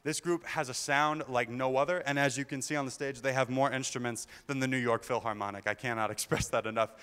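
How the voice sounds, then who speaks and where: A young man from Kentucky emcees a live show with quick, chatty stand-up. His voice comes through smooth and clear on a stage mic. A long reverb trails behind him from the theater hall. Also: medium pitch, steady tone, fairly bright tone. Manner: chatty, self-deprecating, slips into mock official voices. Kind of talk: stand-up comedy set.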